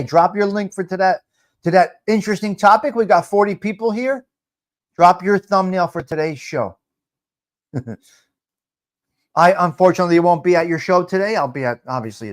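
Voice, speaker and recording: A middle-aged man hosting a casual live chat, teasing viewers, repeating himself and dropping Italian phrases. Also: a little high. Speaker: livestream host.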